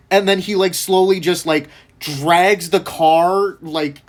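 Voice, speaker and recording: A vlogger chatting casually, rambling with lots of fillers and laughing at their own stories. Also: mid-range voice. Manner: heavy fillers like "like" and "um". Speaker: video creator. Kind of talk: casual chat.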